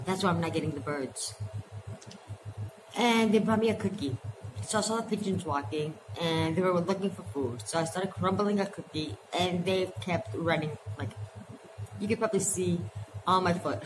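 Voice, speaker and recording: Middle-aged woman vlogger, slightly low voice, chatty and rambling, noisy ambience behind. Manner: rambling, chatty retelling with quick asides. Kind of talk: casual storytelling vlog.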